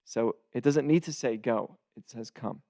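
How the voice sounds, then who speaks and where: A man's voice: mid-range voice, mellow, no room sound, studio quality. Man teaching a casual Torah lesson. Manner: explains in short phrases with pauses, glossing Hebrew terms.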